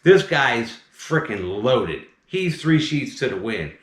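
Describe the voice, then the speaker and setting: A man with a slight Southern accent who removes snakes, telling a story in a chatty, animated way. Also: mid-range voice, slow. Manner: animated, chatty, keeps saying "right?" and "mind you". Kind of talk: casual storytelling. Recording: roomy echo.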